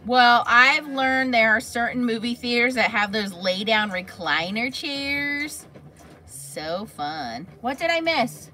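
Female craft-stream host, bright-ish higher voice, casual and chatty, replies to viewers' comments as she works. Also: takes it slowly. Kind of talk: casual livestream chat.

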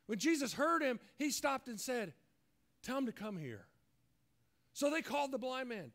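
High-voiced man preaching a sermon. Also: big pitch swings, moderate pace, pauses often, fairly bright tone. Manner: earnest, acts out quoted voices. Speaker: pastor.

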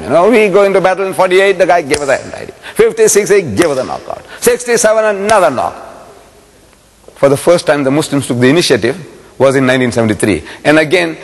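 A man giving a public religious lecture, telling a story dramatically and firing rhetorical questions at the audience. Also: mid-range voice. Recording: long hall reverb.

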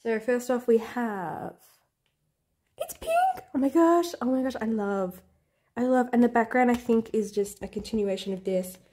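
A young woman vlogger unboxing albums in a room at home, gasping and gushing, often dropping to breathy half-whispered squeals. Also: on the high side, moderate pace, darkish tone. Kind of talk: excited unboxing chat.

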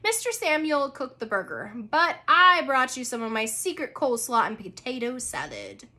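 A woman's voice: high voice, big pitch swings, normal speed, pushed and bright, exaggerated voice. A woman voicing a kind, eager preteen boy in a children's book reading, speaking in a friendly, helpful way. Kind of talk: children's book read aloud.

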